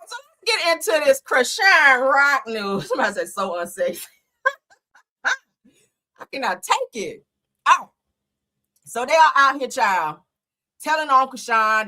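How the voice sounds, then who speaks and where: A woman hosting a casual gossip show, talking in a profane, animated way and laughing often as she reads posts aloud. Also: medium pitch. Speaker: host.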